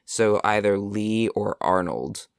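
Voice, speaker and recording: A man chatting on a casual podcast with a low, gravelly voice. He drops short, dry wisecracks between the others' talk. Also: takes it slowly. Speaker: podcast co-host.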